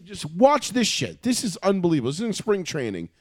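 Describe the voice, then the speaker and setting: A man's voice: sits high, wildly swooping pitch, a little fast, no echo, studio quality. A man hosting a casual sports talk show, ranting with lots of swearing. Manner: profane, ranting, riffs into mock voices.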